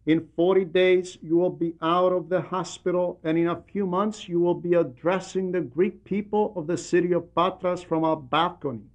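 A man's voice: sits high, fairly even intonation, moderate pace, hardly any pauses, highs cut off, natural voice. A man voicing a humble elderly monk who firmly admonishes and reassures. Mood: reassuring. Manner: firm, admonishing. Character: humble elderly male monk, gently scolding.

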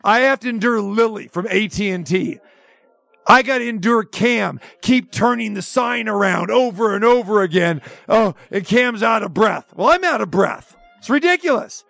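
A man's voice: high-pitched, moderate pace, creaky, a bit bright, no echo, soft background music. A man hosting a sports talk segment, ranting in an exasperated, sarcastic way. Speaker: sports radio host.

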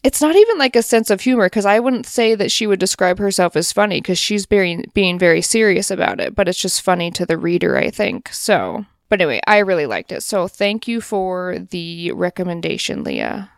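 A woman's voice: medium pitch, very animated, fairly quick, hardly any pauses, no echo, clean studio sound. A woman co-hosting a casual podcast, chatting enthusiastically with lots of fillers. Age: adult parent. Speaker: podcast co-host. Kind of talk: casual chat.

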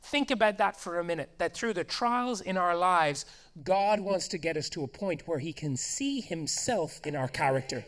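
Male pastor, slightly high voice, animated, funny storytelling sermon. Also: normal speed. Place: church in front of a congregation.

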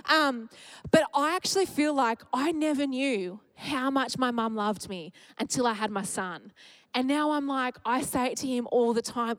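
A woman's voice: high voice, normal speed, fairly bright tone, no room sound, low-quality recording. A woman, giving a heartfelt sermon at church, candid and emotional and often laughing. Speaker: speaker at church.

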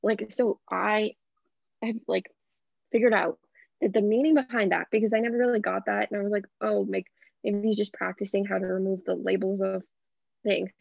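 Young woman rambling on a movie podcast, lots of "like", creaky voice, dull dry sound. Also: mid-range voice, steady tone, normal speed, dry recording. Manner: rambling, heavy use of "like". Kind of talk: casual movie podcast chat.

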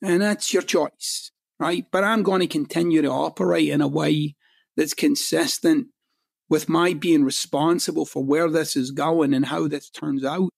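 Blunt Scottish man, high gravelly voice. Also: fairly even intonation, measured pace, no echo, studio quality. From Scotland. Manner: blunt, emphatic, swears for punch. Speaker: guest author. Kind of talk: podcast interview.

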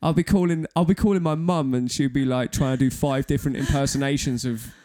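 A man's voice: medium pitch, quick pace, mellow. A man co-hosting a casual podcast chat, joking and self-deprecating. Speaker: podcast co-host.

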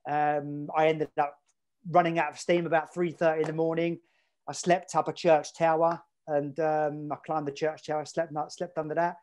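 A man's voice: fairly high pitch, level tone, normal speed, a little mellow. An English man, a podcast guest, telling a story in a rambling, chatty way with lots of fillers. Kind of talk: casual storytelling.

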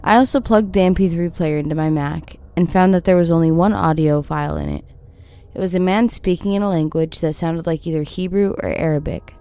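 A woman reads a scripted horror story in a steady, even storytelling voice. Her pitch sits on the low side for a woman. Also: a little fast, clear, resonant tone.

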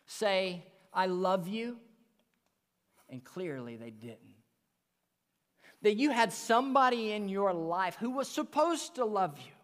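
High-voiced pastor preaching slowly, hall reverb. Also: male voice, a bit bright. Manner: earnest preaching, rises and drops to near whisper. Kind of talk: sermon. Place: church sanctuary.

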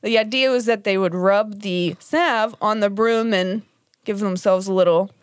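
A woman's voice: mid-range voice, steady tone, moderate pace, smooth, no room sound, studio quality. A woman co-hosting a podcast, talking casually, laughing often and swearing freely, tired. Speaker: podcast co-host. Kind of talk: casual chat.

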